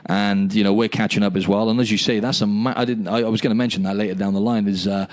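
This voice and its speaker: A young man from the United Kingdom hosting a casual podcast over a video call. He talks very fast in a slightly low voice, spinning animated stories and peppering them with "mate" and "you know what I mean". His voice comes through a video-call line. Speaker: podcast host.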